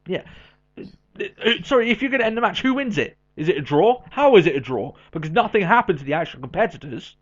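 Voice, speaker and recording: Lively podcast man, dull lo-fi sound. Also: high voice. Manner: animated, quick asides, laughs often. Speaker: podcast co-host. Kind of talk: casual chat. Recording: dull lo-fi audio.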